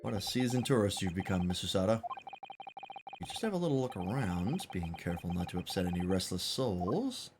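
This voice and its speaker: A man's voice: low voice, sing-song, brisk, noisy background, pitched below the performer's own voice. A streamer voicing an earnest, formal young male lawyer in a detective game.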